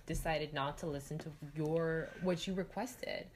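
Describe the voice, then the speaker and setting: A woman's voice: low-pitched, a little slow, very noisy. A young woman in casual chat, emphatic and supportive, with some swearing.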